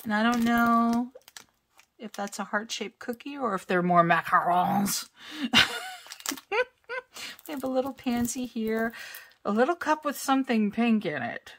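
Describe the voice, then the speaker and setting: A woman chatting casually at home as she unboxes diamond painting kits. She talks in a self-deprecating way, laughs often and thinks out loud. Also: fairly high pitch, a little slow, pauses often. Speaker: crafting vlogger. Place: home crafting space.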